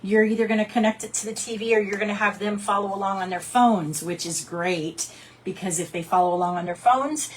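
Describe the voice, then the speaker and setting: A woman's voice: mid-range voice, fairly even intonation, a little fast, slight background noise, rough recording. A woman coaching her sales team in a casual, chatty talk, encouraging them and acting out little scenes. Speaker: direct sales team leader.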